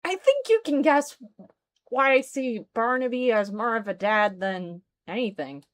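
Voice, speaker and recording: A woman's voice: fairly high pitch, expressive, measured pace. A woman streaming a game, chatting casually and exclaiming as she plays. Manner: chatty, exclaims and reacts aloud. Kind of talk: casual let's-play chat.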